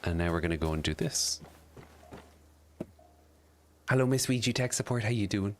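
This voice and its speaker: Low-voiced man streaming a game. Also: lively intonation, normal speed, a little hiss or hum. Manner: chatty, explains story lore while playing. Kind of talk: casual gaming commentary.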